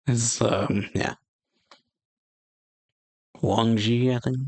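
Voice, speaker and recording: A man's voice: lowish voice, measured pace, pauses often. A man hosting a casual reaction to a comic chapter, reading the panels aloud and narrating them loosely, with frequent chuckles and fillers. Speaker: reaction channel host.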